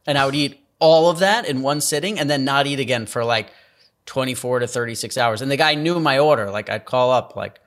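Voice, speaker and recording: A man's voice: medium pitch, brisk, a bit bright. A man in casual chat, telling a rambling story with swearing and many fillers. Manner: rambling, profane, many likes.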